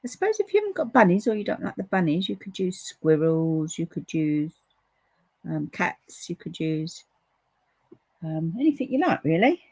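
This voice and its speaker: A woman's voice: on the low side, sing-song, moderate pace, a little mellow, breathy edge, dry recording. A woman chatting casually to her viewers while she demonstrates colouring for a papercraft class. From United Kingdom. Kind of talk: casual live craft demonstration.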